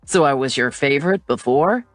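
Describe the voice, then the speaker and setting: A woman's voice: a bass voice, expressive, normal speed, no room sound, soft background music. A woman voicing a young man with a dry, wry way of speaking.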